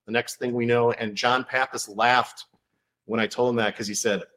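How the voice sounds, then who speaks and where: A man of mid pitch, on as an author guest, tells a story with real enthusiasm. He packs the facts together in quick succession in a relaxed, chatty way. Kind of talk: casual chat.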